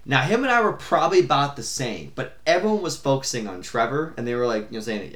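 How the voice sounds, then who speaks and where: A man's voice: mid-range voice, lively intonation, fast, hardly any pauses, fairly bright tone, reverberant. A young man co-hosting a podcast, telling a long story in casual chat, rambling with fillers and the odd curse. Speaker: podcast co-host.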